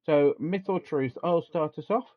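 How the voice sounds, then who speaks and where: A man's voice: a little high, a little slow. A man co-hosting a casual podcast, chatty and rambling, laughing often. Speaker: podcast co-host. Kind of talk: casual chat. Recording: dull lo-fi sound.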